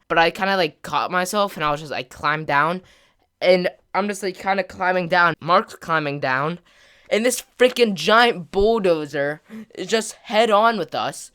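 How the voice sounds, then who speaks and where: Clear and resonant, his fairly high voice carries a rambling gameplay story on his gaming channel. The telling is casual, heavy on fillers and mild slang, and he gets louder and more thrilled as it builds to the climax.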